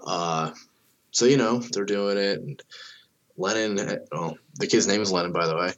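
Telling a lengthy story in a relaxed way, this young man curses a lot, scatters "like" throughout and performs other people's dialogue. He speaks in a low voice at a moderate pace.

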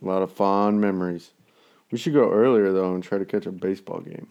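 A man in his thirties, a dad, in casual chat, blunt and quick to swear, laughing along. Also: deep voice, fairly even intonation, gravelly, a little mellow, highs cut off. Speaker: friend chatting, a dad.

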